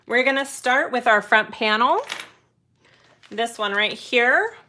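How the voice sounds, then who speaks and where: Chatty woman for a live sewing demo, bright and sharp, takes her time, talks through each step. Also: a little high, slight background noise. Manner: chatty, explains steps while greeting viewers. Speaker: sewing tutorial host.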